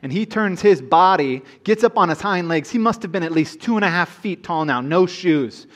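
A man in his thirties preaches a sermon in a fairly high-pitched voice. He reads scripture and tells a personal story, teasing his listeners with playful, joking asides. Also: expressive, normal speed. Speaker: pastor.

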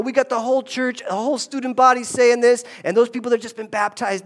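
In a church sanctuary, a pastor with a slightly high male voice preaches a lively, conversational sermon. He draws the congregation into call-and-response.

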